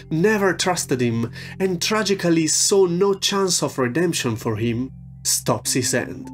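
A man giving scripted narration for a video essay in a measured, reflective way. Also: fairly high pitch.

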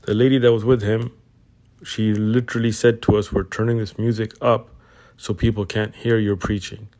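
A man giving calm, explanatory voice-over commentary on a street encounter. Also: fairly low pitch, moderate pace. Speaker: narrator.

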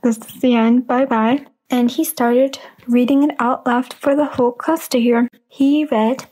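A woman recounts her own story in relaxed, conversational narration. Her voice sits a little high and stays fairly level, with little rise and fall. She keeps it chatty and slips in brief laughs. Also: unhurried, slightly rough, low-quality recording. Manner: chatty, breaks into short laughs.

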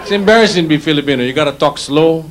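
A middle-aged male comic with a Hawaiian Pidgin accent works the room, ribbing audience members in a slightly high voice. The live hotel showroom recording carries audience laughter and background noise throughout. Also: rapid-fire, a crowd in the background. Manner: teasing, chatty, talks straight to audience members. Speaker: stand-up comedian. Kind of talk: stand-up comedy with crowd work.

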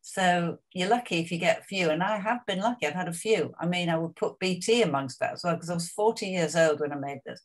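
An older woman with a notably low, deep voice, telling stories from her career at an easy conversational clip. She wanders into asides and fillers, chatty and unhurried. Her tone is frank and anecdotal. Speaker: actress interviewee. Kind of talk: reflective career interview.

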